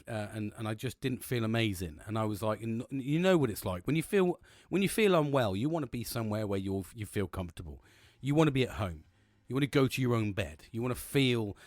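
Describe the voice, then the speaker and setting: A plain-spoken man talks through a casual solo podcast monologue at a middling pitch, blunt and unfiltered, swearing freely as he goes. He rambles and restarts his sentences, and the recording is dry and close, with no room sound around him. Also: dry recording. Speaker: podcast host.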